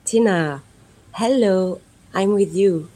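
A woman performance artist from France, speaking in slow, repetitive, incantatory phrases as part of an improvised radio performance. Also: mid-range voice, warm tone, poor audio.

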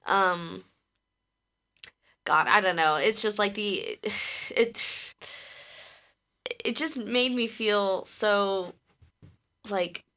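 A woman co-hosting a podcast in casual chat, rambling and quick to laugh, with some casual swearing. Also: mid-range voice, bright, forceful tone. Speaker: podcast co-host.

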